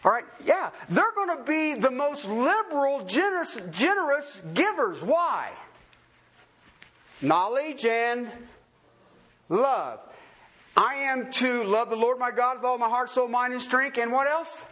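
Guy preaching a sermon, high voice that jumps all over, keeps asking the crowd questions. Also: unhurried. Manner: animated, asks the congregation many questions. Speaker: pastor.

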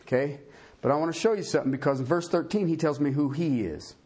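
A male pastor preaching a sermon, reading scripture aloud and swinging between loud rising emphasis and low, quiet folksy asides. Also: fast, husky.

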